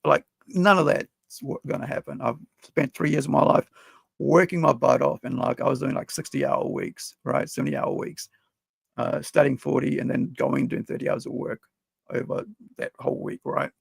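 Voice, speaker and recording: A man on a podcast telling a personal story in a rambling, halting way, full of fillers. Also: medium pitch, fairly even intonation, gravelly, slightly rough, no echo. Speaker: podcast co-host.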